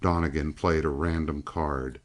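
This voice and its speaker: A man narrating a western novel as an audiobook in a measured, expressive way. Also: a bass voice.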